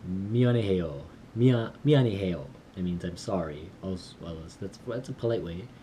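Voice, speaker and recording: A man recording himself while learning Korean, thinking aloud and repeating phrases slowly in a casual way. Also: deep voice, mellow, a little hiss or hum. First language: English.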